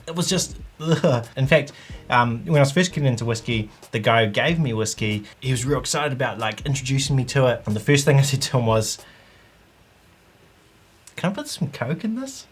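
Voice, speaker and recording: A man's voice: mid-range voice, fast, slightly rough, soft background music. A man hosting his own channel, talking through an explainer in a chatty, conversational way. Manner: chatty, conversational, with frequent "like" and "you know". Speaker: whisky channel host. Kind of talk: casual explainer vlog.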